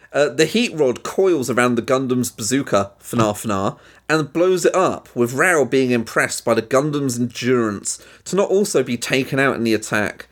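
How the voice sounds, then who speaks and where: A man's voice: medium pitch, expressive, a little slow. A man co-hosting a podcast, recapping an anime in casual chat, jokey and crude, often laughing mid-sentence. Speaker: podcast co-host.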